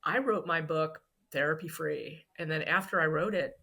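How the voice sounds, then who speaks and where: A woman's voice: low voice, normal speed, vocal fry, fairly bright tone, breathy edge. Earnest woman guest, thoughtful talk. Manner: earnest, thoughtful, with many restarts. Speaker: guest author. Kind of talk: casual interview chat.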